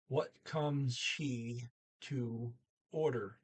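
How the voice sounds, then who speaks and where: A man's voice: medium pitch, steady tone, slow pace, slightly rough. A man teaching a language lesson, thinking aloud with many fillers and restarts, speaking.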